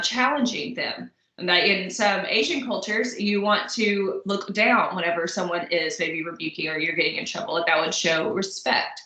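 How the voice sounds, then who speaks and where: A woman's voice: fairly low pitch, bright, forceful tone. A woman instructor giving a recorded lecture in a conversational way, with frequent fillers and asides. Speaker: college instructor. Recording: echoey room.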